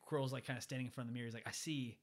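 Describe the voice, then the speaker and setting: A man talking fast in a loose, casual conversation about a movie. He acts out bits of dialogue as he goes, so his delivery stays animated. His voice sits at an ordinary mid pitch. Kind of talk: casual film discussion.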